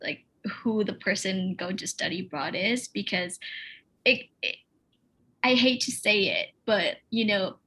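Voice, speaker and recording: A woman's voice: medium pitch, animated, a little slow, a bit bright, rough recording. A woman from North Carolina, speaking hesitantly as a panelist in a discussion. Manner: hesitant, many fillers and restarts.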